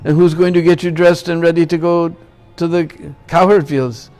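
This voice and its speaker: A man's voice: on the high side, little pitch movement, moderate pace, a little mellow, soft background music, lightly acted. A man voicing a patient, fatherly cowherd chief coaxing his little son.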